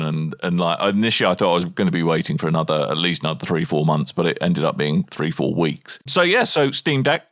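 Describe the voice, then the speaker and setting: A man's voice: deep voice, a bit bright. A British man co-hosting a gaming podcast, chatting in a jokey, bantering way. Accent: British English. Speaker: podcast co-host. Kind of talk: casual chat.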